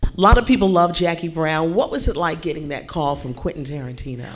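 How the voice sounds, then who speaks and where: A woman radio host interviewing a guest, putting questions in a poised, measured way. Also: low-pitched.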